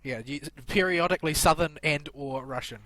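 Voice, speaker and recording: A man's voice: fairly high pitch, a little fast, a crowd in the background. A man in a casual gaming voice chat, grumbling with dry sarcasm into a headset mic. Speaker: gamer on voice chat.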